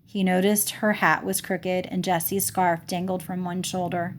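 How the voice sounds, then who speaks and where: A woman reading a children's novel chapter aloud in an unhurried way, fixing small slips as she goes. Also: on the low side, flat delivery, a little hiss or hum. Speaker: audiobook reader.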